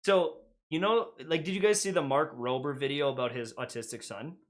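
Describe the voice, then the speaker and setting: A man's voice: fairly high pitch, brisk. A young man co-hosting a gaming podcast, telling rambling, self-mocking stories in casual chat. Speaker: podcast co-host.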